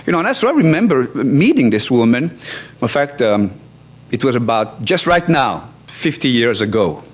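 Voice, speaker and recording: Man, 60s, from France; academic conference speaker, halting, wry. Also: mid-range voice, big pitch swings, breathy edge. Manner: halting, many restarts and fillers, wry asides. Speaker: law professor. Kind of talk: conference talk. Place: conference hall.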